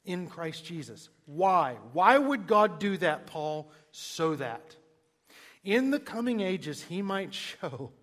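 A man preaching a sermon, emphatic, moving between hushed and loud passages. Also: high-pitched, very animated, takes it slowly. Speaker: pastor. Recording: long hall reverb.

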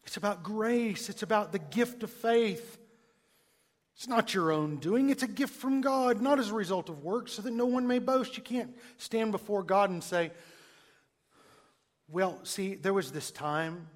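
A man preaching a sermon, emphatic, moving between hushed and loud passages. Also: high-pitched, unhurried. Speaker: pastor. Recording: long hall reverb.

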